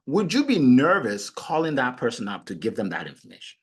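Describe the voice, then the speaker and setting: A middle-aged man coaching on sales, talking in an animated way and acting out his prospects. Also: medium pitch, fairly quick, hardly any pauses, husky. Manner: animated, acts out clients and prospects in quoted voices. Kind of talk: motivational sales talk.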